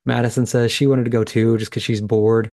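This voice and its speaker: Brisk and level-toned, the host's mid-range, slightly mellow voice carries a casual podcast recap of episodes. He chats, thinks aloud, and reacts on the spot, recorded dry with clean studio sound.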